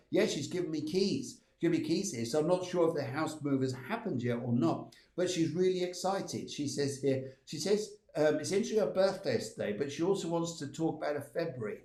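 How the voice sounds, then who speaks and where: A man's voice: fairly high pitch, lively intonation, fairly quick, hardly any pauses, warm tone. Echoey man giving spirit readings. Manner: relays spirit messages with many fillers and repeats. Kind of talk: live-streamed spirit readings.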